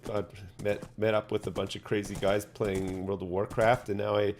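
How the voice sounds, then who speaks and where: A man telling an absurd made-up story in a deadpan, rambling way, swearing and full of fillers, like a streamer chatting. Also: on the low side, normal speed, faint music behind. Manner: deadpan tall tale, swearing, lots of fillers.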